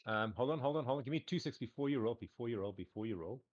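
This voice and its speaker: A man running a tabletop game as game master, narrating casually and often pausing on "um" and a repeated "cool". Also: medium pitch, dull audio. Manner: rambling, full of "um" and repeated "cool".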